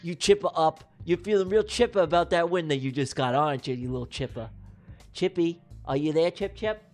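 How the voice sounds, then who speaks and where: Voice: mid-range voice, fairly quick, a little mellow, soft background music. A livestream host giving playful race commentary during a giveaway, teasing winners with silly nicknames.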